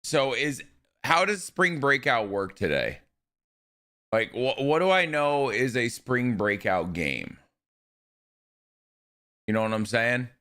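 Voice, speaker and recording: A man's voice: medium pitch, sing-song, slow, long pauses, pushed and bright. A young man streaming live, talking casually and with energy to his chat and greeting viewers by name.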